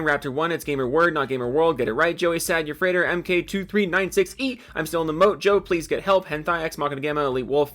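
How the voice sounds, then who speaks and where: A young man rattles off names at a brisk clip, his voice sitting a little high for a man. Between names he cracks jokes and swears at himself, with casual, self-mocking energy. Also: a bit bright. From Seattle area, USA. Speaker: YouTuber reading supporter names. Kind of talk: rapid-fire name reading with comedic asides.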